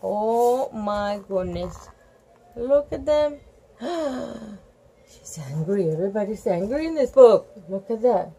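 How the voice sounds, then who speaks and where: A woman's voice: fairly high pitch, lively intonation, slow pace, pauses often, dark tone, a little hiss or hum, low-quality recording. A woman reading a picture book aloud, gasping and exclaiming over the pictures with chatty asides. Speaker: storybook reader.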